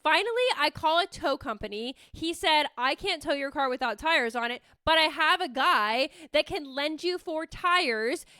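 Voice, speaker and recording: A young woman from the Bay Area hosting a podcast, telling a story in a rambling, animated way with lots of "like". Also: high-pitched, normal speed, few pauses, no echo, clean studio sound. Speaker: podcast host. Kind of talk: casual storytelling chat.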